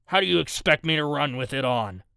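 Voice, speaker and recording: A man voicing a cold male gunman who speaks in flat, clipped, businesslike lines. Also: on the high side, fairly quick, vocal fry, clear, resonant tone, no room sound, clean studio sound, full character voice. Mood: curt.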